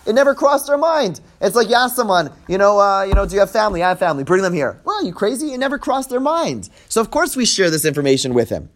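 His voice sits high and sing-song, moving fast with few pauses, as this Bible teacher leads a text-study class. Verses are read aloud and translated line by line, the quoted speakers acted out. He explains each step and keeps checking with "right?"

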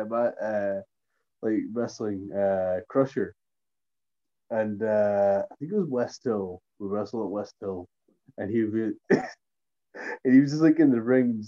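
Guy telling wild stories, mellow voice, bit dull sound. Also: fairly low pitch. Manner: animated storyteller, swears freely. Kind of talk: casual chat.

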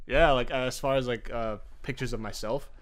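A man's voice: medium pitch, fairly even intonation, a little fast. A young man co-hosting a podcast, rambling casually with many fillers and frequent laughter. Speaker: podcast co-host. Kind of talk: casual chat.

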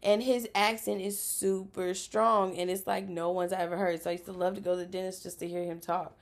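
A woman from South Louisiana hosting a podcast in casual chat, candid and quick to laugh, swearing freely. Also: on the low side, flat delivery. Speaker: podcast host.

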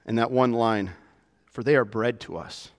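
A man preaching a sermon to his church, with animated delivery that rises and drops to soft, emphatic lows. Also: normal speed, in a large hall. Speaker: pastor.

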